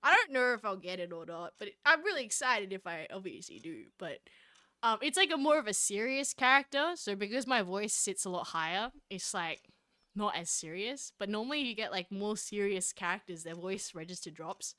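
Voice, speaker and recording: A woman's voice: mid-range voice, animated, moderate pace, sharp tone, dry recording, studio quality. A young woman streaming a game live, chatting and giggling with her chat between read-aloud lines.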